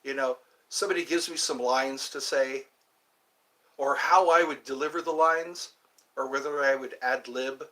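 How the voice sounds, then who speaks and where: A man hosting a casual livestream, rambling and answering viewer comments with halting fillers. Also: mid-range voice, steady tone, fairly bright tone. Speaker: livestream host. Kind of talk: casual live chat with viewers.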